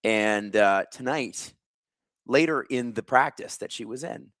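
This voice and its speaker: A man's voice: mid-range voice, unhurried, fairly bright tone, dry recording, clean studio sound. A man in his thirties hosting a live hockey watch stream, telling stories in a rambling way with lots of fillers and restarts. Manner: talks while snacking. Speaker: stream host. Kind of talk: casual live-stream chat.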